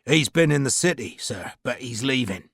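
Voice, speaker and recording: A big, blunt bruiser, played by a male audiobook reader, all rough grammar and plain threats. He talks earnestly and without polish, in a voice that rises and falls freely. The reading is close and dry. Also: mid-range voice, animated, normal speed, a bit bright, no room sound, exaggerated voice. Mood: gruff, earnest. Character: rough, blunt London servant and brawler, man.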